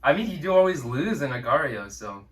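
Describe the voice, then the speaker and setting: A man's voice: mid-range voice, very animated, a little fast, far from the mic, slight background noise. A young man hosting a casual quiz with a friend, reading lyrics aloud and laughing often. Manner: laughs often, reads lines with mock flair. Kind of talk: casual chat.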